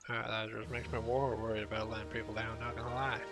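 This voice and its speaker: A man's voice: fairly low pitch, flat delivery, fast. A man chatting casually while he plays a game, rambling and mocking himself while stuck in a put-on accent. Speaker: game player. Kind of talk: casual gameplay commentary. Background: game music.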